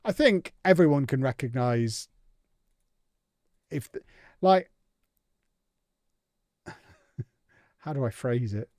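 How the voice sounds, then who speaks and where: An English man talks loosely and reflectively on a live game stream, reacting to the game as he goes. His voice sits at an ordinary middle pitch. The sound is close and dry, with no room around it. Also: darkish tone, dry recording. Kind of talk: casual live-stream chat while gaming.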